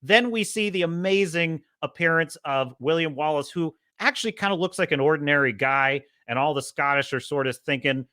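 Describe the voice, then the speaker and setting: Podcast host, young man, lively casual film critique, bright forward tone. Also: a little fast, few pauses, dry recording, studio quality. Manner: animated, rises high when quoting. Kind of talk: casual movie review.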